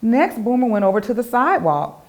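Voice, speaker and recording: Expressive woman reading a children's storybook. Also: on the high side, fairly quick. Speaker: author reading her own children's book. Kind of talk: storybook read-aloud for children.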